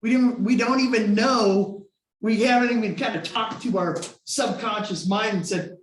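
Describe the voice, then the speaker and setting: A man's voice: high voice, normal speed, reverberant. A man giving a casual motivational talk to his team, telling stories and acting out his own past thoughts. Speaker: team leader.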